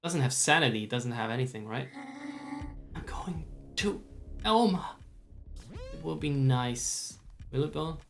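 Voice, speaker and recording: A man's voice: on the high side, expressive, measured pace, pauses often. A man casually commenting while streaming a game, cursing and joking, his throat slightly strained. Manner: profane, joking, laughing asides. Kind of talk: casual let's-play commentary.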